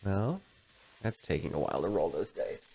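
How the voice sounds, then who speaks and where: Low-voiced casual male player. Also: lively intonation, moderate pace, vocal fry, mellow, slightly rough. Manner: casual, hesitant, restarts often. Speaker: tabletop game player. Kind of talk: casual game chat.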